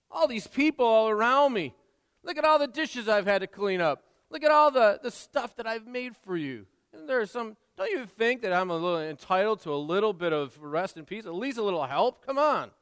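A man's voice: high voice, expressive, moderate pace, fairly bright tone, clean tone, voice pushed up. Brief: a worn-out, aggrieved hostess with a pleading, rising voice played by a man in a sermon, ringing in a long hall reverb. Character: anxious overworked woman complaining to a guest.

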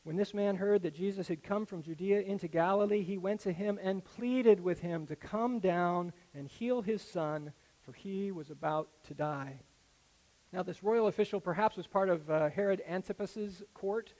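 A man preaching a sermon that explains a Bible passage, earnest and explanatory, often dropping to a soft, low tone. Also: moderate pace. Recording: echoey hall with long reverb.

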